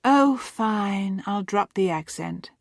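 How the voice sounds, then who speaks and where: A woman's voice: medium pitch, lively intonation, slow, gravelly, no echo, clean studio sound, full character voice. Woman voicing a teasing, bubbly young sister.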